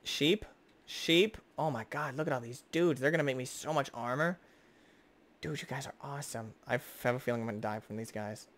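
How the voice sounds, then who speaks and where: A young man giving excitable, jokey gameplay commentary as host, chatting to the creatures on screen. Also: mid-range voice, brisk. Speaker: gaming video host.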